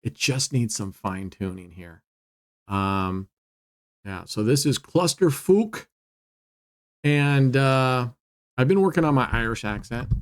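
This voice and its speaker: Guy explaining roulette bets at home, chatty, cheers when he wins, average pitch. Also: animated, slow, long pauses. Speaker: casino strategy channel host. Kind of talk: casual gambling walkthrough.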